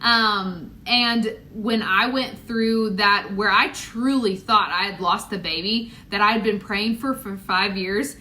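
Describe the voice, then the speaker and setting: A woman's voice: medium pitch, fairly even intonation, slow, hardly any pauses, pushed and bright. A pregnant young woman, chatting casually to camera and telling a story with lots of "like" and "y'all". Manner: chatty storytelling with many "like"s, addresses viewers as "y'all". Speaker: vlogger.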